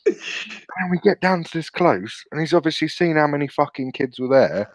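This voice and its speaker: A man's voice: a little high, expressive, normal speed, dry recording, low-quality recording. A British man, a podcast co-host, telling a sweary story in casual chat and laughing often. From England.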